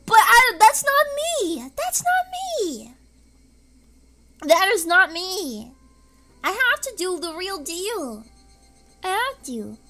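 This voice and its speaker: High, lively, bright-voiced woman streamer. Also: slow pace. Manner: rambling, erratic, bursts into screams and laughter. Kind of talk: casual live-stream chat. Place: home.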